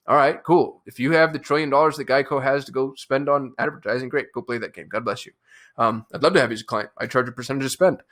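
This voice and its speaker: A man with a mid-range, fairly bright voice talks quickly to camera as host of his own channel and owner of an agency. He's fired-up and emphatic in a casual way, constantly restarting and filling gaps with fillers.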